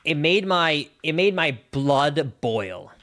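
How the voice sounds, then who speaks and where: A man's voice: on the high side, sing-song, slow, fairly bright tone. A young man, a streamer telling a story in casual chat, rambling with lots of fillers. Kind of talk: casual chat while gaming.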